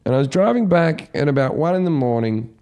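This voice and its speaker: Animated man telling a story. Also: fairly high pitch, a little fast, clear, resonant tone. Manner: animated, acts out shouts in his stories. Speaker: comedian. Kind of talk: casual storytelling chat.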